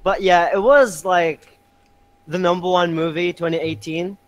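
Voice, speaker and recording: A man chatting as a podcast guest, excitable and rambling, laughing loudly. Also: high-pitched, a little slow, poor audio. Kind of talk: casual podcast chat.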